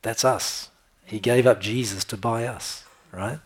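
A man with a low, husky voice preaches a sermon with conviction at a steady tone and measured pace. He keeps checking in with his congregation using short tag questions like "right?" and "okay?".

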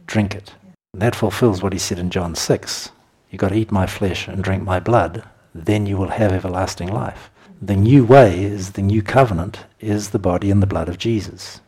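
Male preacher, low husky voice, conversational sermon delivery with frequent chuckles. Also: steady tone, normal speed, dark tone. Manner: conversational, chuckles between points.

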